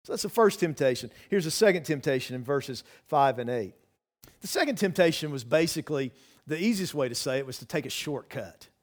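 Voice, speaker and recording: A man preaching a sermon as pastor, earnest and conversational, often repeating words and restarting his sentences. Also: on the high side. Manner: conversational preaching with many "you know"s.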